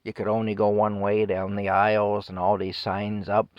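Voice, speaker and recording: A man's voice: fairly low pitch, level tone, moderate pace, few pauses, clear, resonant tone, no echo, lo-fi sound. A man in his fifties ranting on his vlog in an indignant, scornful way with wry chuckles. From Canada. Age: 50s. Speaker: vlogger. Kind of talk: solo opinion rant to camera.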